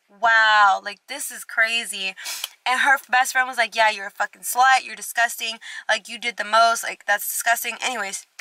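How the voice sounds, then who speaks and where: Expressive and foul-mouthed, this young female vlogger plays both parts of the conversations in her storytime. Her voice sits on the high side, captured in a dry recording.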